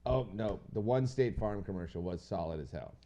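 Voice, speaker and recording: A man's voice: fairly low pitch, expressive, normal speed, mellow. A man co-hosting a podcast, chatting casually in a rambling, slangy way and swearing now and then. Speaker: podcast co-host. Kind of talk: casual chat.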